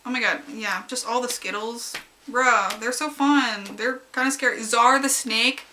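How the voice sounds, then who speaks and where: Giggly young woman rambling excitedly. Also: a little high, measured pace, background noise. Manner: excitable and giggly, squeals when quoting her own reactions. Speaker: fanfic reviewer. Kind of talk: casual rambling review.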